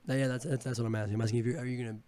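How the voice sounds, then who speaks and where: A young man with a sore throat asks questions in easy podcast chat. He sounds relaxed and curious, and he swears casually. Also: mid-range voice, very fast, a little hiss or hum. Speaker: podcast co-host.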